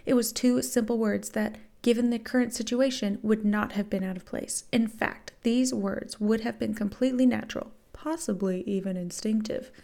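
A woman's voice: fairly high pitch, steady tone, moderate pace, creaky, few pauses, mellow. A woman podcast host reading fan fiction aloud and breaking off with wry, sarcastic asides.

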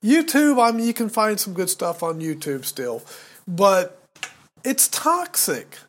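Slow and high-voiced, with big swings in pitch, this American man in his sixties co-hosts a podcast. He preaches at listeners, urging them on, and repeats words once he gets heated.

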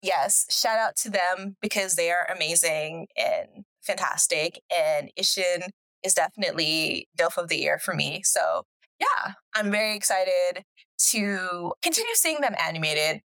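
A woman co-hosting a casual podcast chat, chatty and quick to laugh, often trailing off mid-thought. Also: lowish voice, pushed and bright, no echo. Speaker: podcast co-host.

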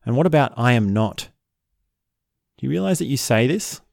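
A man teaching in a slow, reflective way, often repeating short example phrases. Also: medium pitch, lively intonation, gravelly, darkish tone, no room sound, clean studio sound. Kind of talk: spoken teaching talk.

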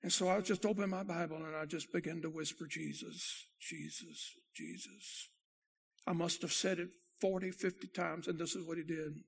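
A pastor giving a sermon with a gravelly, rough-edged voice that sits high for a man. He tells his story dramatically, rising loud, then dropping to a near hush. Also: fairly even intonation, quick pace, hardly any pauses.

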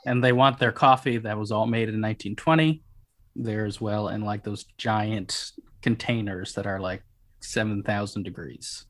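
A man's voice: lowish voice, fairly even intonation, moderate pace, a bit bright, pitched below the performer's own voice, lightly acted. A man putting on the voice of a grumpy old male churchgoer who grumbles about how things used to be. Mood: grumbling.

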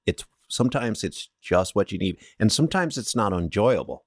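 A man co-hosting a podcast, talking in a calm, reflective, philosophizing way. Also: on the low side, moderate pace, slightly rough, dry recording, studio quality. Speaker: podcast co-host. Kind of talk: casual podcast chat.

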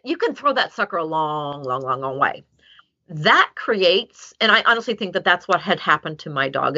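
A woman's voice: deep voice, pushed and bright. A woman dog trainer talking in casual podcast conversation, telling stories animatedly with many fillers, on a dull lo-fi recording. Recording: dull lo-fi sound.

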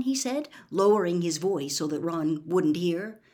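A woman reading a novel aloud as an expressive storyteller. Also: lowish voice, unhurried. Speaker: reader. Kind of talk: audiobook reading.

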